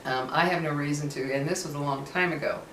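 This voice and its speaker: A woman's voice: low-pitched, fairly even intonation, fast talker, a bit bright, reverberant, distant mic, slight background noise, poor audio. A woman in a casual vlog who tells a personal story earnestly and keeps stressing that it really happened. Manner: earnest, emphatic, insists the story is true. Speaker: vlogger.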